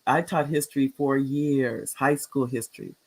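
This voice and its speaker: A man in his sixties, a retired teacher, hosting a livestreamed talk show in a chatty, rambling way, greeting viewers by name with excited upswings. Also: medium pitch, moderate pace.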